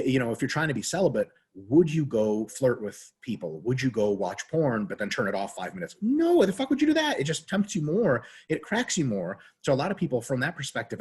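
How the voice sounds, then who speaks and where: Appearing as a podcast guest, a man talks as a fitness scientist in a rambling, profane, casual interview, acting out the voices of people he quotes. His voice is medium-pitched, darkish, and slightly rough.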